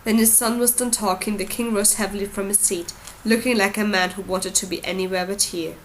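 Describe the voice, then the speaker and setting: A woman narrating an audiobook in a steady, even storytelling manner. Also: medium pitch, a little fast, slight background noise, poor audio. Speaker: audiobook reader.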